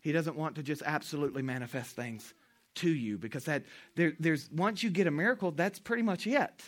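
A man's voice: fairly high pitch, a little fast. A man preaching a sermon in a conversational, storytelling way, drawing call-and-response from the congregation. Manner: conversational, storytelling, with asides to the audience. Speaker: pastor.

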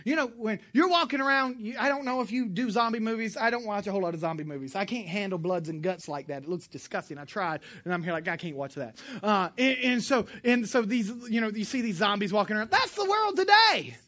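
Lady preaching a sermon, bright sharp tone, gets loud and punchy, cracks jokes. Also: mid-range voice, fast, hardly any pauses. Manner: lively, emphatic, joking asides, bursts of shouting.

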